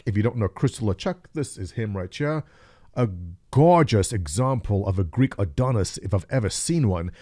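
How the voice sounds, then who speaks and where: A man delivers casual gaming news commentary into a close mic, in a mid-pitched voice that suits his sarcastic aside. The recording is dry, with no room sound around him. His manner stays wry and relaxed. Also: no room sound. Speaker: gaming news video host.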